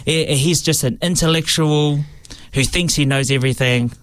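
Chatty New Zealand actor, dry sound. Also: male voice, on the high side, normal speed, no echo. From East Coast of New Zealand. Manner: relaxed and chatty, with many fillers and restarts. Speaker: stage actor. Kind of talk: casual interview talk.

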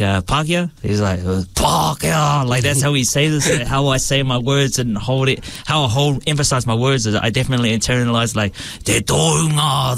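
A man's voice: mid-range voice, fairly bright tone, no room sound. A young man, a stage actor answering interview questions in a hesitant way, with many fillers and restarts.

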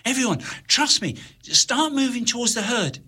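A man reads as a young boy, his voice pushed up high and stretched with effort. He stammers out urgent, pleading commands with a husky edge, in a storybook reading. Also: very animated, normal speed, pushed and bright, exaggerated voice. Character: young boy straining to control beasts.

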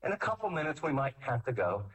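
Man with a lively, acted-out delivery. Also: distant mic, rough recording. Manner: acts out parents and kids, swings between loud scolding and slow deep calm. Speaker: speaker on parenting. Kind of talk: animated talk with acted-out voices.

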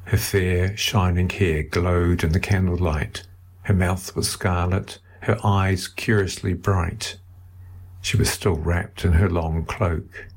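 A man narrating a novel as an audiobook in a measured, steady storytelling way. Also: low voice, slightly rough.

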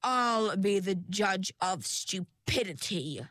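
A woman's voice: mid-range voice, a bit bright, no room sound. Woman doing a sugary sly schemer. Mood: syrupy. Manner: slow, syrupy, drawn-out. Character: sly sugary older woman, menacing underneath.

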